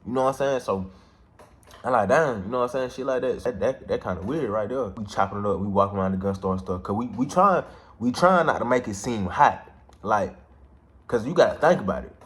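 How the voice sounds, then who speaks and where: A young man casually telling a personal story in heavy slang, animated and repeating "you know what I'm saying" as a filler. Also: lowish voice, fairly quick. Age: young adult.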